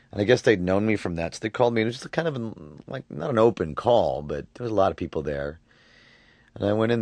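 Very deep-voiced man around forty. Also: a little mellow, no echo. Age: 40s. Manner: halting, restarts words often. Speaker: voice actor guest. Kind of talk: relaxed interview talk.

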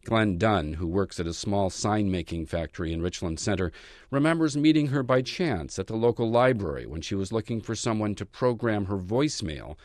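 A man delivering a scripted radio news report in a measured, even manner. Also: lowish voice, no room sound, clean studio sound.

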